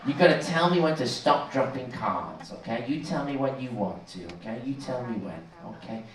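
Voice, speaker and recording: In a mid-range voice at normal speed, a Manchester-accented English cruise director works the stage, joking and teasing the audience like a lively showman. Crowd cheers and laughter fill the echoey theater, which is captured from far away.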